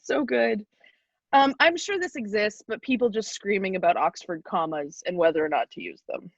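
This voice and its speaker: A woman's voice: medium pitch, normal speed, dry recording. Chatty woman on a dull, dry line. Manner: chatty, laughs often, jumps between ideas. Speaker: guest pitching podcast ideas. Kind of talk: casual podcast chat.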